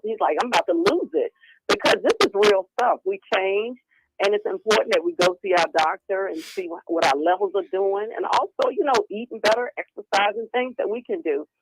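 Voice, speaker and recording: A woman guest on a podcast, talking in a casual, animated way and often acting out what other people say, heard over a remote call line. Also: medium pitch, a little fast, heavy background noise. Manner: animated, acting out quoted voices. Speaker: guest speaker on women's health. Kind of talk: casual conversational interview.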